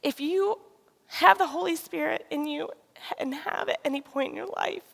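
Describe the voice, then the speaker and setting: A woman, sharing a candid personal testimony with pauses and restarts. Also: high voice, gravelly, a bit bright, slight background noise. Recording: long reverb of a large hall.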